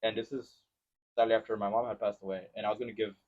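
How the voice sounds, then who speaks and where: Fast-talking bilingual podcast host, lo-fi. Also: male voice, on the low side. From Mexico-Texas border region. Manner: switches between English and Spanish, animated storytelling. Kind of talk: casual chat. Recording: lo-fi podcast recording.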